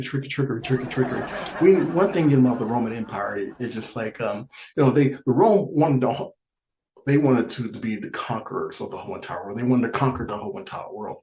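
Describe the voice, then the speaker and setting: A man's voice: mid-range voice, echoey room, background noise. Rambling laughing male stand-up comic. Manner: rambling and repetitive, laughing through lines. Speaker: stand-up comedian. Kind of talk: stand-up comedy set.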